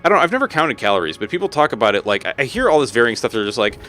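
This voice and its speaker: Lively, bright-voiced male game streamer. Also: medium pitch, rapid-fire, faint music behind. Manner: animated, joking, swears freely, talks to chat. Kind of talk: casual live-stream chat while gaming.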